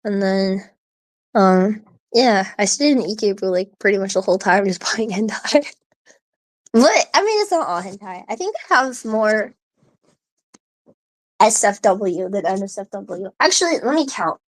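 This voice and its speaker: A woman's voice: medium pitch, expressive, unhurried, long pauses, no room sound. Rambling giggly woman, dry close mic. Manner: rambling, giggly, lots of "like" and restarts. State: hiccups. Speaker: streamer hosting a live audio space. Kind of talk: casual chat.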